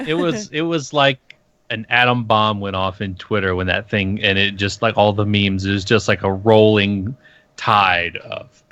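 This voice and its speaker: A man's voice: fairly low pitch, unhurried, a bit bright, dry recording, dull audio. A man co-hosting a casual podcast, laid-back and joking, trading playful banter. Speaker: podcast co-host.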